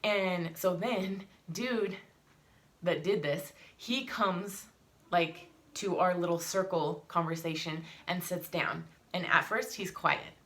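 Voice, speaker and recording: Heated, swearing mom telling a story. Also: female voice, fairly low pitch. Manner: heated, emphatic retelling with swearing. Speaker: mother and family vlogger. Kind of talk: casual vlog storytelling.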